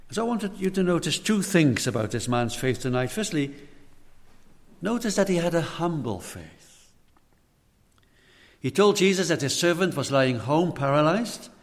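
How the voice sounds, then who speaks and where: Earnest male preacher in a reverberant hall. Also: on the high side. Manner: earnest, repeats words when stressing a point. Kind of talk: sermon.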